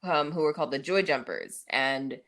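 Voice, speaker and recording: A woman with a low voice talks through a movie plot in a loose, conversational way. She fills her sentences with "like" and "um" as she goes. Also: normal speed, fairly bright tone. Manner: chatty, many fillers and laughs. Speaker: podcast co-host. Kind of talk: casual movie recap.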